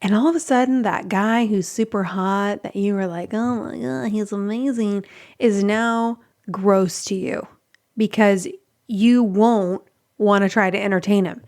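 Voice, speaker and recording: A woman's voice: medium pitch, a little slow. A middle-aged woman hosting a relationship talk show, chatting casually and acting out the lines she quotes. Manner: chatty and animated, acts out quotes. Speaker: relationship podcast host. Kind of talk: casual advice monologue.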